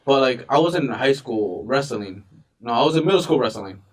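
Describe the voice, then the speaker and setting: A man's voice: mid-range voice, lively intonation, fairly quick, far from the mic. A young man in casual podcast chat, telling rambling stories with lots of swearing. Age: young adult. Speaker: podcast co-host.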